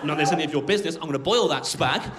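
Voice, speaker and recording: A man doing a stand-up comedy set, mock-exasperated and animated, sometimes shouting out his bits. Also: a little high, very fast, crowd noise. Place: comedy venue with a live audience. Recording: echoey room with loud audience laughter.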